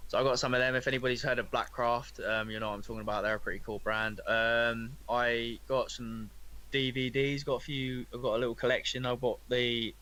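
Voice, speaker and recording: A man chats on a casual podcast at an ordinary pitch, his tone bright and forceful. He rambles along in a relaxed, easygoing way. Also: brisk. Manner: laid-back, rambling. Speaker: podcast co-host. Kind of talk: casual chat.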